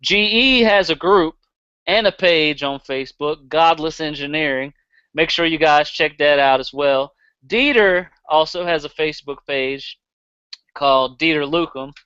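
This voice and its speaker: A man's voice: a little high, a little slow, sharp tone, smooth, no echo, lo-fi sound. A man with a Southern accent hosting a casual podcast, blunt and profane, laughing easily. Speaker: podcast host.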